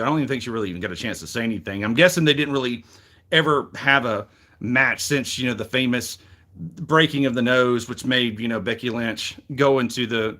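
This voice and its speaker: A man's voice: mid-range voice, sharp tone. A middle-aged man with a Southern US accent, casually recapping wrestling as a show host, rambling, frank and swearing freely. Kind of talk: casual commentary.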